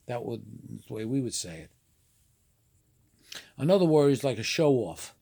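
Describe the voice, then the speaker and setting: A man's voice: mid-range voice, lively intonation, normal speed, creaky, pauses often, warm tone. A middle-aged man from northern New Jersey with a New Jersey Italian-American accent, chatting casually in a rambling, streetwise way and swearing offhandedly. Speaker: vlogger. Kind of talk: casual monologue.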